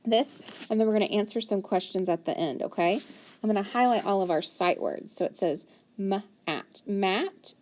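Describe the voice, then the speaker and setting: Woman teacher, slow and deliberate, breaks words into sounds for young readers. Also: medium pitch, a little mellow. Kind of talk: phonics lesson, decoding words aloud.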